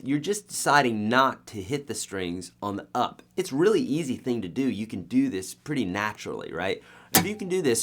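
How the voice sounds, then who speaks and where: A man teaching a beginner guitar lesson, coaching emphatically and counting beats aloud as he strums. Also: mid-range voice. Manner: coaching, emphatic, repeats okay and right.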